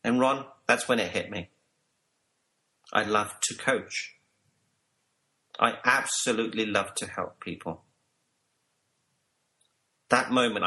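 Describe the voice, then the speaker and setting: A man's voice: on the low side, slow pace, pauses often, pushed and bright, poor audio. A man working as a life coach, telling his personal story earnestly to an interviewer and sometimes repeating words.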